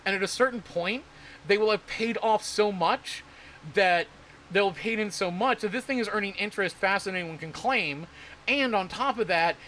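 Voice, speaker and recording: Bright-voiced, exasperated rambling man. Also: high voice, a little hiss or hum. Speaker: crypto streamer. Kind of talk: casual livestream talk.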